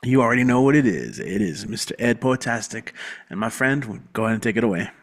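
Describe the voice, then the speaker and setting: A man's voice: mid-range voice, expressive, fast. Man host, easygoing, calling out guests, casual hosting. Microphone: video call.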